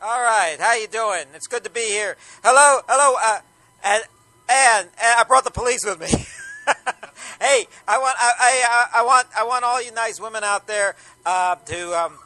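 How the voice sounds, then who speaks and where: A man's voice: very high-pitched, normal speed, pushed and bright, no echo, rough recording. A man as a guest on a live radio show, joking, laughing between words and stumbling over repeats.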